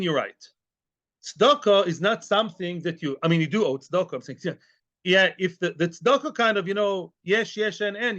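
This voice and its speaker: A man teaching a daily Talmud class, lively and conversational, mixing in Hebrew and Yiddish terms and often checking in with "yeah?". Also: high-pitched. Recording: dull lo-fi recording.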